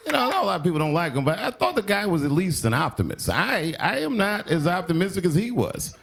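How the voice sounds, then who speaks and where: A male stand-up comedian doing a monologue. He swings between deadpan and sharp outbursts. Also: high-pitched, fast, gravelly, noisy background. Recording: TV broadcast with live audience laughter. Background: studio audience laughing.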